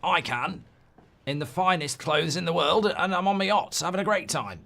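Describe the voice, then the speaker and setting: A man voicing a ruthless, boastful older billionaire, drawling slowly and sounding self-satisfied. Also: on the high side, expressive, gravelly, bright, forceful tone, pitched above the performer's own voice, heavily acted. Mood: smug.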